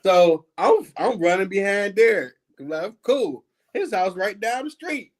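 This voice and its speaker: A man's voice: high-pitched, measured pace. A man, telling childhood stories as host in casual chat and acting out the voices of the people in them. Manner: animated, laughing, acts out quoted voices.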